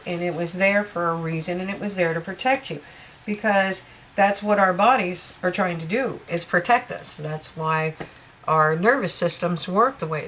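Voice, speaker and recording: A tarot reader gives a casual, rambling reading, chatty throughout, frequently checking in with her listener and laughing. Her voice is fairly low in pitch but fairly bright in tone, with a little hiss or hum on the recording.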